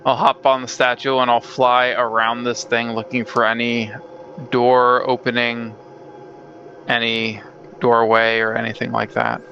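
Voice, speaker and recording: Guy playing a tabletop game, bright sharp voice, kinda dull lo-fi mic, faint noise. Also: mid-range voice, flat delivery, measured pace, creaky. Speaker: player. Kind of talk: casual tabletop play.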